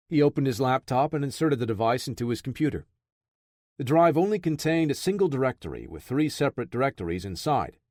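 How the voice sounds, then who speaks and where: A man's voice: medium pitch, darkish tone, no room sound. Male thriller narrator, dry recording. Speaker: audiobook narrator.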